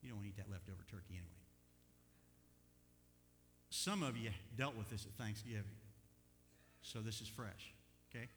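A man preaching a sermon as pastor, in a folksy, animated way with chuckles between points. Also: on the low side, moderate pace, pauses often, big-room sound.

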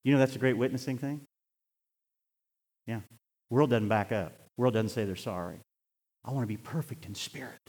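An older man preaching a sermon in a church, swinging between impassioned near-shouts and quiet storytelling. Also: mid-range voice, moderate pace, pauses often, breathy edge. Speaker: pastor. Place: church sanctuary. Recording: long hall reverb.

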